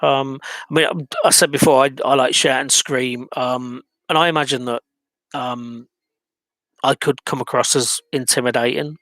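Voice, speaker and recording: A man's voice: mid-range voice, steady tone, moderate pace, a bit bright, no echo. A man talking alone about his own life, hesitant and reflective, full of ums and restarts. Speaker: vlogger. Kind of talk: personal monologue.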